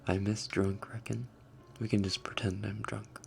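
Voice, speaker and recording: A young man hosting an ASMR livestream, reading chat in a soft, often whispered voice and chuckling as he tries out foreign words. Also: on the low side, level tone, moderate pace, vocal fry, slight background noise. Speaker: livestream host.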